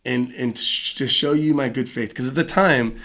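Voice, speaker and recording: A man, a podcast guest, telling a story in a casual, animated way, with quick bursts of speech and lots of fillers. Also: medium pitch. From Cayman Islands.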